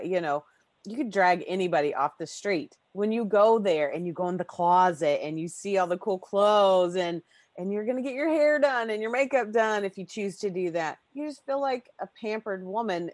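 A woman's voice: on the low side, darkish tone, no room sound. A woman hosting a podcast in casual chat, rambling and emotional, often running through long lists of questions. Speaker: podcast host.

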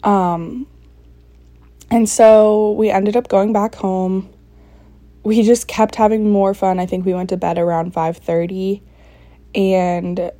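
A woman in her early twenties hosting a podcast. She tells a story in a chatty, excitable way and fills her talk with lots of "like". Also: on the low side, no room sound. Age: early 20s. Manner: chatty, filler-heavy, excitable. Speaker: podcast host. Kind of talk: casual storytelling recap.

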